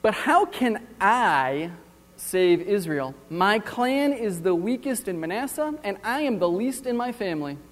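A fearful, cynical young man talking back with sass, as a preacher reads him out. The voice sits high for a man and rings with a long hall reverb. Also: sing-song, measured pace. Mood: sarcastic. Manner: sarcastic, doubtful. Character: frightened, sarcastic young man hiding in a hole.

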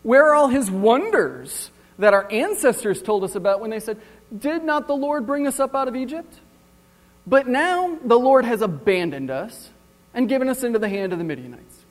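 A fearful, cynical young man talking back with sass, as a preacher reads him out. The voice sits high for a man and rings with a long hall reverb. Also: expressive, normal speed. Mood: sarcastic. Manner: sarcastic, doubtful. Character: frightened, sarcastic young man hiding in a hole.

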